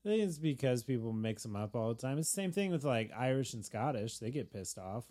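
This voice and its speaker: A man co-hosting a casual chat while watching a movie, relaxed and teasing. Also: mid-range voice, fairly quick.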